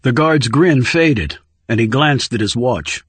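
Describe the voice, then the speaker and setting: A man narrating a thriller audiobook in a measured, steady storytelling voice on a close studio microphone. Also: mid-range voice, breathy edge, dry recording.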